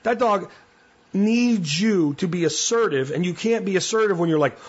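A man's voice: sits high, animated, normal speed, breathy edge, highs cut off. A man hosting a solo podcast, speaking in a blunt, plainspoken way and repeating his key points for emphasis. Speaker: podcast host.

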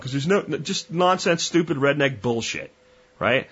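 A man's voice: mid-range voice, animated, moderate pace, a bit bright, breathy edge, highs cut off. A man hosting a podcast, talking bluntly and conversationally with frequent restarts. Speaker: podcast host. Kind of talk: casual monologue.

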